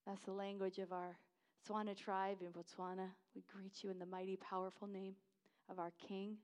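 A woman's voice: medium pitch, flat delivery, normal speed, clean tone. An American woman in her fifties gives a chatty, enthusiastic missionary talk at a church service, wandering off track and laughing at herself.

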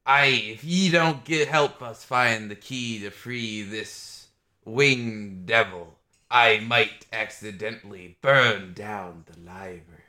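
A man voicing a blunt, gruff adventurer in a tabletop game, with old-fashioned speech. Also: fairly low pitch, takes it slowly, pushed and bright, exaggerated voice.

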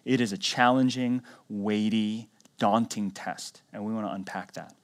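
A man preaching a sermon as pastor, telling the story in a conversational way and swinging between loud emphatic lines and quiet low ones. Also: steady tone, unhurried. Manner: conversational storytelling with acted quotes.

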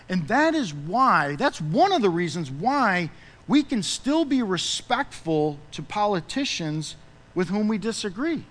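A man preaching a sermon as pastor, emphatic, rising loud and dropping soft. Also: high voice, long reverb tail.

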